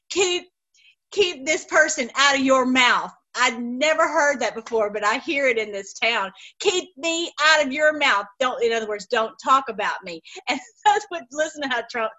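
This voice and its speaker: A woman hosting a casual talk show, rambling excitedly with laughing asides. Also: a little high, muffled recording. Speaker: host. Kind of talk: casual political chat show.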